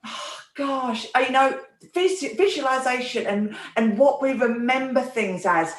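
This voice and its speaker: A woman's voice: sits high, expressive, a little slow. Woman, therapist, earnest and reflective, hesitant restarts, echoey room, distant mic. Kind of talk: reflective personal storytelling. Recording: roomy echo, mic at a distance.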